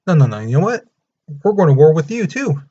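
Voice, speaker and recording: Boastful bully Germany, done by a male teacher, taunting, husky, lo-fi. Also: on the high side, very animated, a little fast, warm tone, pitched above the performer's own voice. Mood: cocky.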